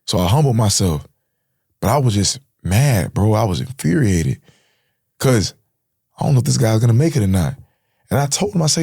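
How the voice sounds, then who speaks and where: A man's voice: fairly low pitch, sing-song, normal speed, vocal fry, pauses often, darkish tone, breathy edge, dry recording, studio quality. A young man guest on a podcast, telling an emotional story in street slang, saying bro and man a lot.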